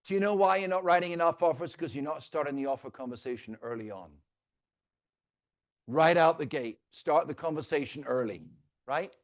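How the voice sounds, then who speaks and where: A man leading a live real estate training, teasing the audience and swinging between loud and soft. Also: fairly high pitch, moderate pace. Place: stage before a live audience.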